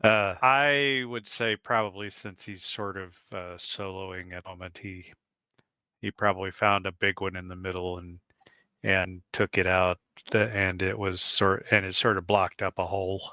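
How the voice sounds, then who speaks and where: A man's voice: sits low, fairly even intonation, normal speed, pushed and bright, smooth, dry recording, muffled recording. A man playing a tabletop game over voice chat, talking in a laid-back, hesitant way. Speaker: player.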